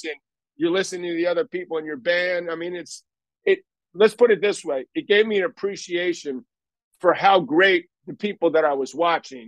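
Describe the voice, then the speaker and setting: A man's voice: on the high side, dry recording, low-quality recording. An older man telling stories in a casual interview, rambling and self-deprecating with many restarts. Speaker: guest.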